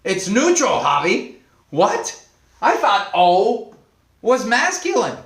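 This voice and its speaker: Male language teacher, high lively voice, unhurried delivery, echoey room mic. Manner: animated, playful, reads and answers viewers' comments. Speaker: Spanish teacher. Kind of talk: live online language class.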